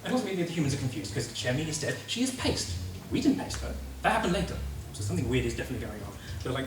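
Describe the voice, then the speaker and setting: Guy doing a convention panel, lively bouncy voice, cursing a lot, echoey room, mic far off and noisy. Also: mid-range voice, racing, hardly any pauses. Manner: excitable, swears a lot, laughs often, acts out characters' lines. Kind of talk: animated comedic recap.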